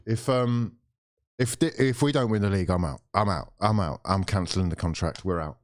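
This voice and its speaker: A man's voice: low voice, a little fast. A man hosting a live football watchalong, reacting with sighs, swearing and mock despair while calling the play. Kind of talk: live match reaction and commentary.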